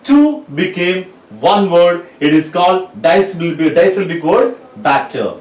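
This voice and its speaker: A man's voice: sits high, big pitch swings, a little slow. A man teaching a lesson, spelling words out letter by letter and repeating them. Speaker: English teacher. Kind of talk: classroom lecture. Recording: roomy, mic at a distance.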